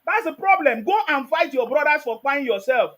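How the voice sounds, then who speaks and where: High-voiced combative Nigerian man. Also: animated, fairly quick, fairly bright tone. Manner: combative, repeats demands insistently. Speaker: host of a live call-in stream. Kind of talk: heated call-in debate.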